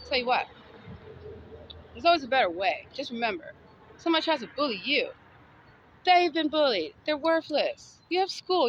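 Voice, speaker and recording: A woman's voice: high voice, fairly bright tone, slight background noise, poor audio. Sassy woman. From Southern United States. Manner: sassy, defiant, preachy. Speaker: vlogger. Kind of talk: motivational monologue.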